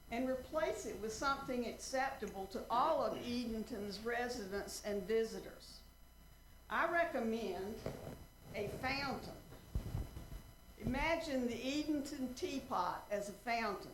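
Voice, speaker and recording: A woman in her seventies from North Carolina, giving a folksy, earnest public comment at a council meeting with slow, emphatic appeals. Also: fairly high pitch, a little hiss or hum. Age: 70s. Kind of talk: prepared public comment with a joke. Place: council chamber. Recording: roomy council chamber.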